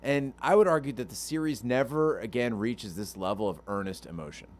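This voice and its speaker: A man co-hosting a movie podcast, reading a plot summary and then giving measured commentary with dry humor. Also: mid-range voice, a little mellow. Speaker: podcast co-host.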